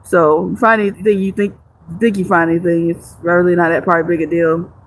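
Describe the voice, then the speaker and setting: This woman streams live, chatting casually as she reads comments from viewers, joking and swearing freely while rambling and restarting often. Her voice sits on the low side with little pitch movement, her pace is brisk, and there's a little hiss or hum.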